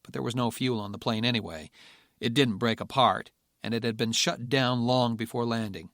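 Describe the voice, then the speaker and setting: A man reads a thriller audiobook in steady, measured narration. His voice sits in an ordinary middle register. The close mic gives a dry, roomless sound. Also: mid-range voice, no echo. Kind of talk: scripted narration.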